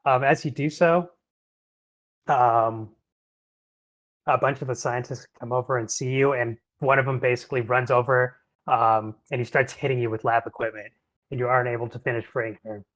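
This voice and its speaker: A man narrates a tabletop role-playing game as its game master. He fills his sentences with ums and breaks into laughter often. His voice sits at a middling pitch. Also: fairly even intonation, a bit bright. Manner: laughs often, many ums, quick voice changes for characters.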